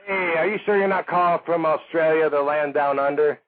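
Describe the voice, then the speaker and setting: A man's voice: a little high, a little fast. A man hosting a loose call-in radio show, joking around and swearing freely. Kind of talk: loose, profane radio talk. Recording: tinny phone-like radio audio.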